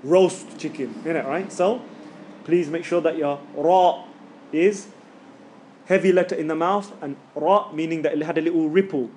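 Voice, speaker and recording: A man's voice: fairly high pitch, a little mellow. A man teaching Quran recitation to a class, casually, with slang, repeating each letter sound to demonstrate it. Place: classroom with students.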